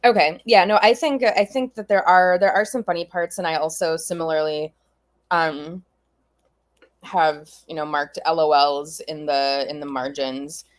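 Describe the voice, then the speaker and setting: A woman's voice: sits low, steady tone, unhurried. A woman co-hosting a casual book discussion, chatty, laughing often and retelling scenes with quoted lines. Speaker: podcast co-host.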